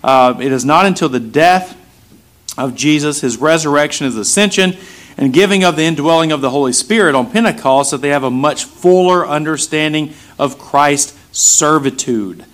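A man teaching a Bible passage in a relaxed, conversational sermon, acting out quick lines for the disciples as he goes. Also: a little high. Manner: conversational, animated, acts out quick voices of the disciples. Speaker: preacher.

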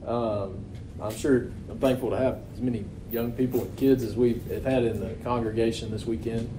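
A man's voice: mid-range voice, steady tone, moderate pace, background noise. A man preaching a sermon to his congregation in a casual, conversational way, often asking rhetorical questions. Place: church. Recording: echoey room.

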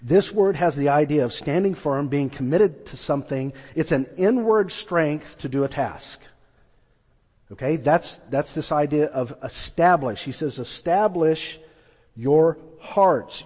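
A man's voice: fairly high pitch, darkish tone, slightly rough. A man preaching a sermon, telling a story and acting out the voices in it. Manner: storytelling, acts out quoted voices. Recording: long reverb of a large hall.

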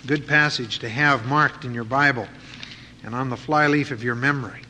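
A man's voice: medium pitch, steady tone, normal speed, sharp tone. Preaching man in a reverberant hall. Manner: conversational preaching with frequent fillers and restarts. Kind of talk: expository sermon. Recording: faint noise and long reverb of a hall.

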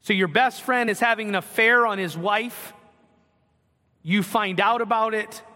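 Bright-voiced male pastor in a reverberant hall. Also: high-pitched, a little slow. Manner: earnest, conversational preaching with repeated phrases. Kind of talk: sermon. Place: church sanctuary.

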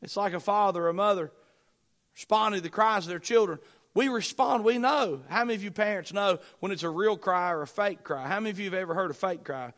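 A middle-aged male pastor delivering a sermon in a fairly high voice. He preaches with emphatic, rising bursts and drops into quiet asides to the congregation. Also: fast talker.

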